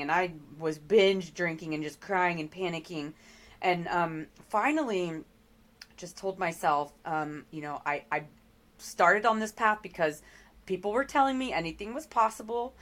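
A middle-aged woman with a slightly low voice, speaking as a guest in an interview. She tells her story candidly and earnestly, pausing often on ums and restarting her sentences. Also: fairly bright tone.

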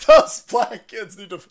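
A middle-aged man doing profane live-stream commentary in a fairly high voice. His pitch swings widely as he moves from loud outbursts to low, muttered asides. He laughs often as he rants. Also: creaky.

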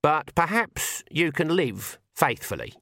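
A man's voice: mid-range voice, expressive, a little slow, no room sound, voice pushed up. A stern old witch , as a male narrator puts her on, preaches hard and blunt in a raised, pointed voice. She sounds like a fierce countrywoman from a storybook, and the reading is close and dry. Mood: quieter. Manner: forceful, preaching, sharp rural speech. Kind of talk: audiobook character voice.

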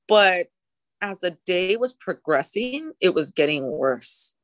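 A woman's voice: on the low side, sing-song, slow, no room sound. A woman sharing her personal recovery story in an interview, talking in an emotional, frank way with occasional swearing.

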